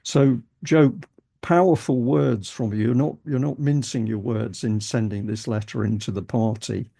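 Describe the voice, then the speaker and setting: A British male host with a gravelly, husky voice asks questions and responds with a hesitant, stop-start delivery. His tone is dark and mellow. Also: mid-range voice, steady tone, moderate pace. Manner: hesitant, restarts, fillers. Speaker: host, interviewer. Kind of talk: political interview.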